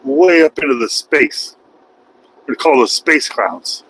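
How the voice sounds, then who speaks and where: A man's voice: medium pitch, expressive, takes it slowly, a bit bright, a little hiss or hum, low-quality recording. A man vlogging while driving his truck, rambling in a folksy, self-mocking way. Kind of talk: casual driving vlog. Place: truck cab on highway.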